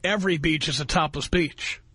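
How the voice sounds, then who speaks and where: A man's voice: on the high side, fairly quick, pushed and bright, slightly rough, no echo. A man hosting a radio call-in show, blunt and brash as he takes callers. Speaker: radio talk show host.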